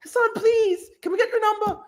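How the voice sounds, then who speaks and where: A man putting on a gushing high falsetto to play swooning young female fans. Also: steady tone, a little fast.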